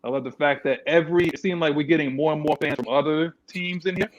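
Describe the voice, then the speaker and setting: A man co-hosting a casual sports chat show, animated and laughing often. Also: a little high, quick pace, poor audio. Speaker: co-host.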